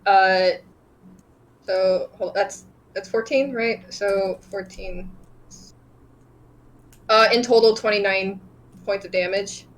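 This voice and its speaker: A woman's voice: mid-range voice, steady tone, slow pace, pauses often, rough recording. A woman playing a tabletop game, hesitantly adding up damage aloud. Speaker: player.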